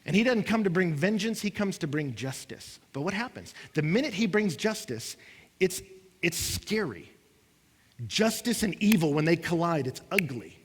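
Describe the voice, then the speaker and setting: Recorded with long hall reverb, a pastor preaches a sermon in a high, husky voice with big pitch swings at a normal speed. His intensity rises and falls, and he acts out what his listeners say.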